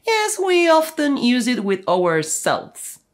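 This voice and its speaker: A woman from Argentina with an Argentinian accent, teaching a language lesson and explaining clearly with Spanish examples. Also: sits high, huge pitch swings, takes it slowly, heavy background noise.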